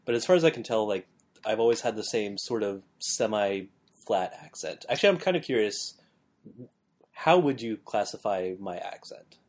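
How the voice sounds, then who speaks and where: A man with a flat Midwestern American accent, rambling easily through a casual podcast conversation. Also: on the low side, normal speed. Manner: relaxed, rambling, lots of fillers like "like". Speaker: podcast co-host.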